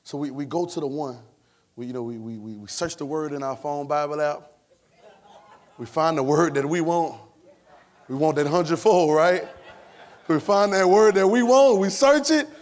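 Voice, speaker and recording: A male preacher with a voice pitched high for a man delivers a fervent sermon. He talks straight to the congregation in plain colloquial speech and repeats his phrases. He swings between loud shouted lines and quiet, hushed asides. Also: normal speed, pauses often.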